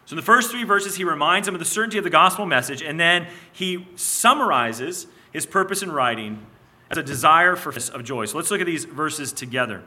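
A man preaching an expository sermon, teaching in a measured way, slowing on key phrases and sometimes restarting his words. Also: on the high side, lively intonation, bright, forceful tone. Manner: restarts and repeats words as he goes.

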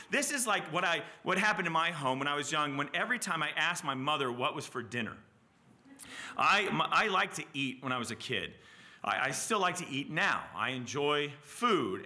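A male preacher with a bright, tense, slightly high voice, delivering an expository sermon. He talks in a lively, conversational way and acts out the quoted lines with small stumbles and laughs.

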